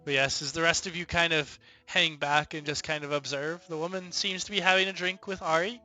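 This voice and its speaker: A man narrating a tabletop adventure as its dungeon master, with a very bright, slightly high voice. He describes each scene loosely, with plenty of ums. Soft music runs under him. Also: a little fast. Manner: relaxed, descriptive, filler-heavy.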